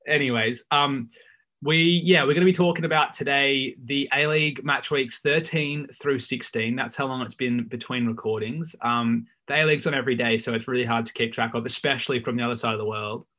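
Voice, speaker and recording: A man hosting a football podcast in a relaxed, chatty way, often pausing with ums. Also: medium pitch. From England. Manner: laid-back, lots of ums and "so yeah". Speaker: podcast host. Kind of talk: casual chat.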